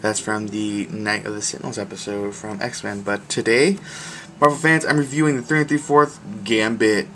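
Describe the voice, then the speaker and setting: A man's voice: fairly low pitch, flat delivery, moderate pace, bright, forceful tone, a little hiss or hum. A man giving a casual video review of a toy, talking in an enthusiastic, slangy, rambling way.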